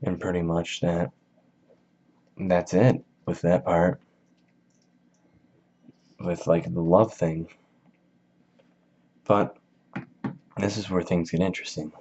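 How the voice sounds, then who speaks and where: A man's voice: sits low, little pitch movement, slow, pauses often, a little mellow, slight background noise. A man giving a casual book summary in a slangy, rambling, jokey way, in a dull lo-fi recording. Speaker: video host.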